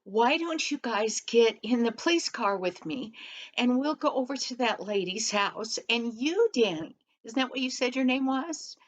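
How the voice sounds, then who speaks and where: A woman's voice: fairly high pitch, lively intonation, unhurried. A woman doing a hearty, friendly police officer. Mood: cheerful. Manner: hearty, eager and loud. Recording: dull lo-fi recording.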